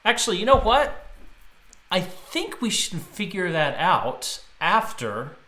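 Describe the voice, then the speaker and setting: Casual male streamer, slow unhurried delivery, roomy sound with instrument playback behind. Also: sits high, sing-song, pushed and bright. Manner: thinking aloud with frequent restarts, chatting to viewers. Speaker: streamer arranging music. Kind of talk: casual live-stream commentary. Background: musical instrument playback.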